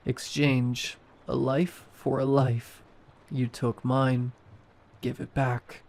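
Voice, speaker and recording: Katie, a man voicing a raspy undead girl. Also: medium pitch, flat delivery, darkish tone. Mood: menacing. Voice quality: raspy, wet. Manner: slow, pleading then hissing. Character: undead hungry teenage girl ghoul.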